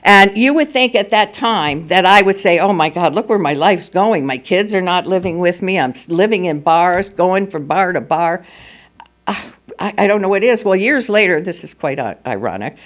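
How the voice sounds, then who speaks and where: A woman's voice: fairly low pitch, expressive, normal speed. An older woman speaking at a recovery meeting, telling her personal story candidly and with humor. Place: meeting room at a school.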